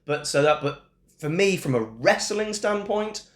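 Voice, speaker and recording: A man's voice: high voice, expressive, unhurried. A man co-hosting a casual wrestling chat, jokey and playful. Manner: jokey, playful, laughs often. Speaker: co-host of a wrestling rankings show. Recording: echoey room.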